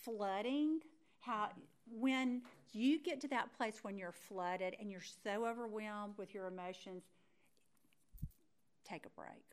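A middle-aged woman with a mid-range voice teaches a Bible study by telling a personal story. She takes it slowly, staying animated and acting out her own thoughts along the way.

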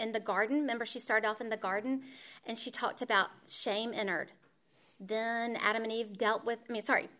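Animated woman teaching, slightly high voice. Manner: animated storytelling, acts out voices in quotes, says "y'all". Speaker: women's Bible study teacher. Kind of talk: teaching talk with personal story.

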